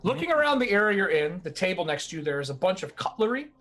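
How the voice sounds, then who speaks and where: A man running a tabletop game as game master, animated and quick to laugh. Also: high voice, a crowd in the background.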